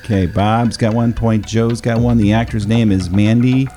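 A man's voice: fairly low pitch, fairly even intonation, normal speed, dark tone, faint music behind. A man hosting a casual movie-quote trivia game, explaining the rules at length and laughing easily. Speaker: quiz host.

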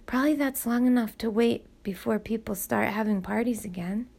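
A woman's voice: fairly high pitch, steady tone, brisk, vocal fry, a little mellow, slightly rough. A woman voicing a nervous, apologetic teenage boy in a storybook reading. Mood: anxious.

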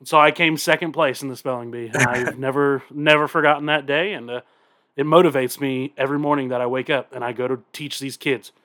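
A young man co-hosting a podcast, chatting casually and telling animated, profane stories. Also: mid-range voice, brisk. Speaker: podcast co-host. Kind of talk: casual chat.

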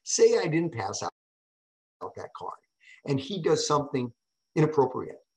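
A middle-aged man, a podcast guest and public speaker, telling stories in a casual interview with an animated, emphatic manner, often asking "right?". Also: on the high side, normal speed, rough recording.

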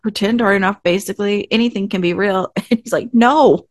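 She talks fast in a mid-range voice with fairly even intonation, captured in studio quality without any room sound. As a podcast co-host, she casually walks through TV episode scenes and acts out what the characters say.

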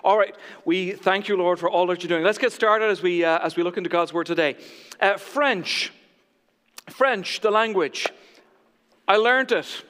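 High-voiced joking male pastor. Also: normal speed, a bit bright, clear, resonant tone, long reverb tail. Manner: jokey, self-mocking storyteller. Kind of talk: sermon. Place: church sanctuary.

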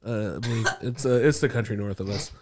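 A man's voice: on the low side, fast talker, noisy background. A young man from Indianapolis hosting a casual podcast, rambling and joking with frequent laughs. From Indianapolis, USA. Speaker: podcast host.

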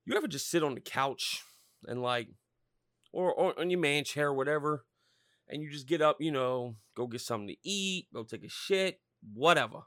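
A man hosting a podcast, ranting about sports in a loud, profane, rambling way. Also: a little high, expressive, normal speed, no echo, studio quality. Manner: loud, swearing, rambling and fired-up. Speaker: podcast host.

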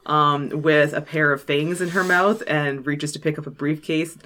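Woman, low pitch, bright edgy tone, casual, describing a scene. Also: steady tone, normal speed, a little hiss or hum. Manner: descriptive with fillers. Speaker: player. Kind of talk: casual actual-play chat.

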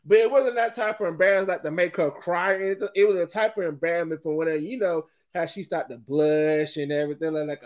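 A middle-aged man hosting a podcast and talking through a rambling, animated, casual monologue, often laughing. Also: high-pitched, brisk. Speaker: podcast host.

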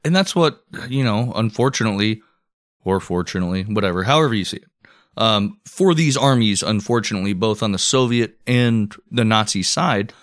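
Low-voiced male podcast co-host. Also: lively intonation, a little fast, no room sound, studio quality. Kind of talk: casual history podcast chat.

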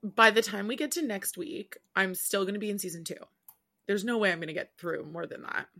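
Young woman co-host, mid-range voice, relaxed and dry in casual chat. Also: mid-range voice, fairly quick. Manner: relaxed, easygoing, lightly sarcastic. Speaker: podcast co-host. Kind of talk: casual chat between friends.

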